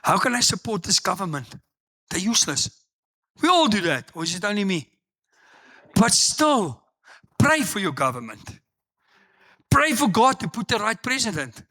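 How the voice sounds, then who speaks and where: A middle-aged South African man preaching a sermon, telling personal stories and acting out the dialogue with loud exclamations. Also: high-pitched, normal speed, long pauses. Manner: animated storytelling, acts out dialogue, exclaims loudly. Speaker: pastor.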